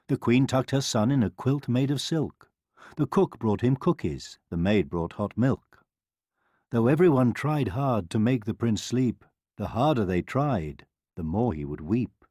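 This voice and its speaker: A man reading a rhyming bedtime story aloud in a sing-song, expressive way. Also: fairly low pitch, measured pace, no room sound, clean studio sound. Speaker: narrator.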